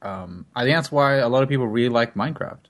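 A man's voice: mid-range voice, fast talker. A man hosting a gaming podcast, musing casually and trailing off mid-thought.

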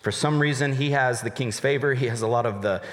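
A man's voice: mid-range voice, a little fast, long reverb tail. A male college pastor preaching a sermon, animatedly voicing the characters in casual paraphrase.

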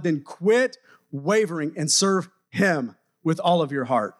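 High-voiced preacher exhorting his congregation. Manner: exhorting, rising and dropping for emphasis. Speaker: pastor. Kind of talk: sermon.

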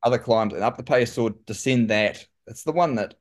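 A man with a New Zealand accent, a guest telling lively stories in casual conversation and saying "mate" often. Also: medium pitch, normal speed. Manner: animated, says "mate" often. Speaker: guest, former pro cyclist. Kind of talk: casual storytelling.

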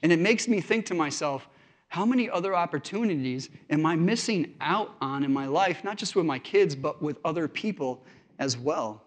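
A man's voice: fairly high pitch, expressive, moderate pace. A male pastor giving a sermon, telling stories from his family life in an earnest, conversational way.

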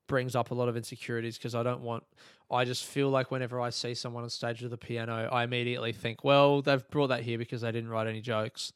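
A man's voice: mid-range voice, smooth, no echo, studio quality. A man, a comedian, talking on his own podcast, rambling and swearing and laughing at his own jokes. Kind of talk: solo podcast monologue.

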